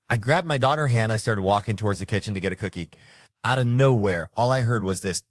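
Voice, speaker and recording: A man tells stories in a stand-up comedy routine, jumping into the voices of his family as he goes. His voice sits a little low. The sound is dry and close, with no room echo. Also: fast. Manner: animated storytelling, acting out family members.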